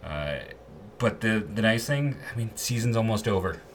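Male sports podcast host, very low voice, rambling and candid, faint hiss behind. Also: animated, normal speed. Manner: rambling, candid, frequent fillers and restarts. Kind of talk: casual sports podcast monologue.

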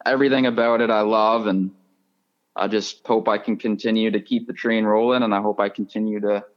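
A young man from Ontario, Canada, talks in a friendly, upbeat way as an interview guest. His voice sits low, and the audio is a little muffled. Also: steady tone, a little fast. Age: young adult. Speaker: guest, tournament angler. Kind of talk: casual interview chat.

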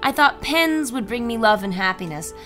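A wistful woman devoted to her pens muses aloud in a rambling confessional, as a woman plays her. Her voice sits a little high. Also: lively intonation, moderate pace, a bit bright, soft background music. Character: dreamy pen-obsessed woman in a confessional.

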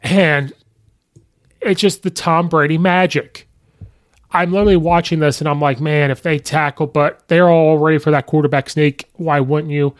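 A man hosting a podcast, recapping a football game in a rambling, excitable way and acting out fans' reactions. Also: on the high side, moderate pace. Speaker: podcast host. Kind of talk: casual sports recap.

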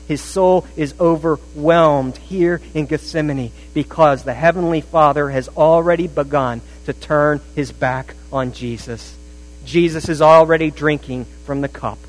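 A pastor preaching a sermon, shifting between rising emphasis and a hushed, intense delivery. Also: male voice, medium pitch, slight background noise, low-quality recording. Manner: dramatic, drops to a hushed intensity.

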